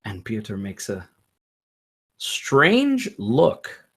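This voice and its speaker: A man narrating a tabletop game as game master, in slow, halting narration with fillers. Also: fairly low pitch, huge pitch swings, a bit bright, breathy edge.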